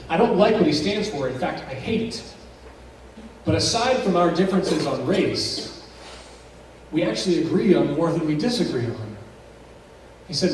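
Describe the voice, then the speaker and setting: A man preaching from the pulpit, telling a story with drama and acting out each character's lines. His voice sits a bit high for a man. It comes from some distance off in a big, echoing church with a faint hum underneath. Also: lively intonation, moderate pace, pauses often. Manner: dramatic storyteller, acts out dialogue with rising intensity. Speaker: pastor. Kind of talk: sermon storytelling. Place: church sanctuary. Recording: echoey church heard from a distance.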